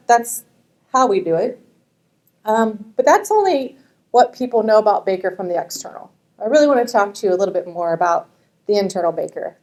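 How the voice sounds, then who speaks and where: A middle-aged woman executive speaks to an audience in a warm, mellow voice. She talks conversationally, stumbling into restarts and tossing in tag questions as she goes. Her pitch sits in a comfortable middle range. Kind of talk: keynote talk to an audience.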